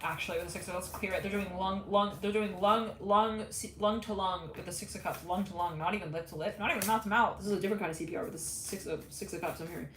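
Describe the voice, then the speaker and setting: A woman's voice: medium pitch, quick pace, hardly any pauses, a bit bright, reverberant, faint music behind. A woman giving a live tarot reading, rambling and giggly as she relays what she is hearing. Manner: rambling, giggly, channeling messages. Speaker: tarot reader.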